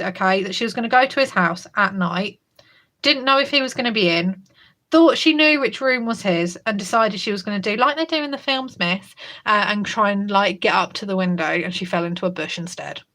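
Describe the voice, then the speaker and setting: A woman's voice: medium pitch, pushed and bright. A woman in her thirties, a schoolteacher, chatting casually on a livestream, sarcastic and rambling, often breaking into laughter. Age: 30s.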